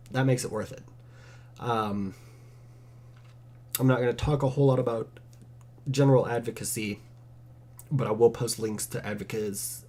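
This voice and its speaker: Laid-back rambling man with a low mellow voice. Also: a little hiss or hum. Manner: rambling, casual, sarcastic asides. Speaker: vape channel host. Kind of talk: rambling casual vlog.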